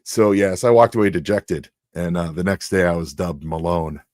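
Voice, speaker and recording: A man's voice: low voice, steady tone, normal speed, darkish tone, dry recording, studio quality. A man co-hosting a casual podcast, telling a story with lots of energy and acting out the other people's voices. He sounds worn out and short of breath. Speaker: podcast co-host.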